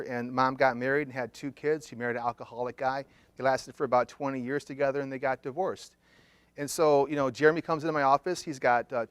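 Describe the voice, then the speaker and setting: A middle-aged man, a therapist, telling a client story to an audience and acting out the quoted dialogue in lively fashion. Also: medium pitch, clean tone, no echo. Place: conference room.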